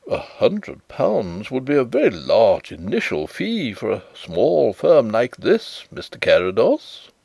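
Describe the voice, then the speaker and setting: A man's voice: medium pitch, huge pitch swings, slow, vocal fry, hardly any pauses, a little mellow, no echo, full character voice. A man reading an audiobook, voicing an elderly, helpless company director in a whispering, confiding voice. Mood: pained. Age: older.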